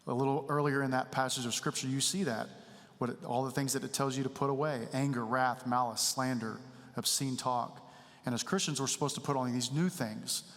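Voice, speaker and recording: A man delivers a sermon in a relaxed, confessional way, weaving in stories from his own life. His voice sits in a middle register. The sound carries the long reverb of a church sanctuary. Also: medium pitch, a little fast. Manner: candid, conversational storytelling. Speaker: preacher.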